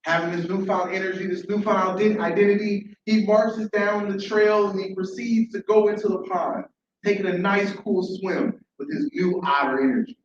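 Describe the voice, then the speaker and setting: A man telling an animated story live to an audience, repeating phrases and asking the crowd questions. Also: high-pitched, moderate pace, slight background noise. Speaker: storyteller at an open mic. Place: large room at a library event. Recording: echoey, dull, from far off.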